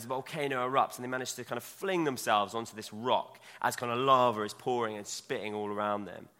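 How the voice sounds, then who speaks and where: A man's voice: fairly low pitch, pushed and bright. A young man preaching a sermon in a church, chatty and self-mocking as he talks. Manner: conversational, self-mocking asides. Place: church hall. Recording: long hall reverb.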